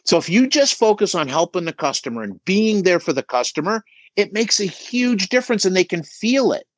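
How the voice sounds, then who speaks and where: A man's voice: sits high, very animated, brisk, no echo. A middle-aged man giving emphatic coaching advice on a podcast, often checking in with "right?". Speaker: business coach guest.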